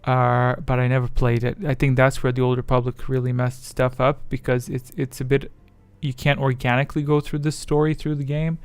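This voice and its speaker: A man's voice: mid-range voice, monotone, a little fast, few pauses, smooth, no echo. A man chatting casually on his livestream, rambling and self-deprecating as his thoughts wander. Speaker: streamer.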